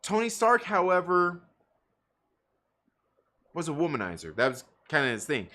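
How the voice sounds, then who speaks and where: A man's voice: a little high, wildly swooping pitch, normal speed, pauses often, bright, forceful tone. A man ranting in casual livestream commentary, profane and rambling, full of fillers and restarts. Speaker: livestream co-host; parent.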